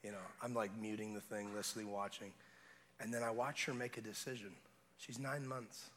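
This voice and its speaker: A young man preaching at a revival, his voice bright and forceful. He tells a family story in a conversational way, drops to quiet murmurs, then climbs to loud, fervent declarations. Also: fairly low pitch, moderate pace, slight background noise. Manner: animated, building from hushed to shouting. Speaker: guest preacher.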